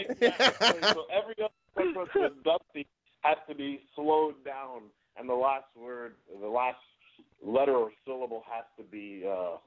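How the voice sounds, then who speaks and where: A man calls in as a guest and earnestly explains his points, often restarting his sentences. His voice has a middle pitch for a man. The phone line makes it thin and tinny. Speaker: guest, professional wrestler. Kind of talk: casual interview over the phone.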